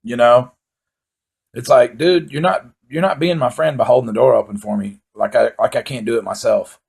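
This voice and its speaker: A man's voice: mid-range voice, fairly quick, vocal fry, a little mellow, husky. A man delivering a rambling, profane comedic monologue in a laid-back storytelling way. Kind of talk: stand-up style comedic monologue.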